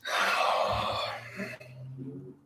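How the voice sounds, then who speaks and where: A man gives a casual, chatty tarot reading, joking, laughing often and acting out little bits as he goes through the cards. He draws his words out, and his tone is sharp.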